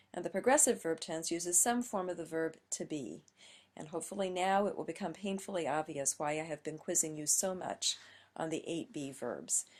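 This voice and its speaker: A woman's voice: sits low, a little mellow, slightly rough. A woman teacher patiently explaining grammar step by step in a lesson, with emphatic stresses.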